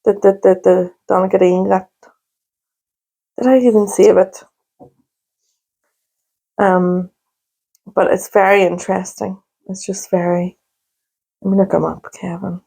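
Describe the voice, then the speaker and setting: A woman's voice: medium pitch, flat delivery, unhurried, vocal fry, long pauses, warm tone, husky. A woman co-hosting a podcast, chatting and gossiping casually, often laughing. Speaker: podcast co-host. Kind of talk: casual chat.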